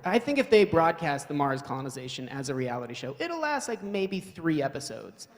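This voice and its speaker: A man's voice: on the high side, sing-song, normal speed, hardly any pauses. A man doing live stand-up comedy in a wry, rambling, self-mocking way, at a live event hall.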